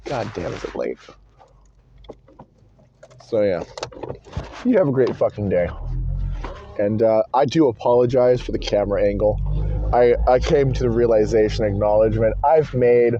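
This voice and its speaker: A man's voice: lowish voice, normal speed, long pauses, dark tone, slight background noise. A man rambling in a casual vlog from inside his car, blunt and swearing constantly, recorded on a phone camera in a car holder. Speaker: vlogger. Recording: dull lo-fi phone audio in car.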